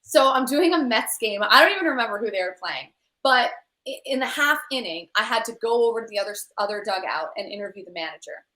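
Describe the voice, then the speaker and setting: Woman broadcaster guest, rambling anecdotes, higher pitch, echoey room sound. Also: quick pace. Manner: rambling, animated, laughs often. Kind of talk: casual podcast chat, storytelling.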